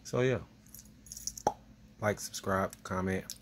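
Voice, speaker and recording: A man's voice: low-pitched, slow pace. A man vlogging a food review outdoors at street food carts, talking in a laid-back, rambling way and swearing freely. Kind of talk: casual food review vlog. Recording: noisy outdoor street recording.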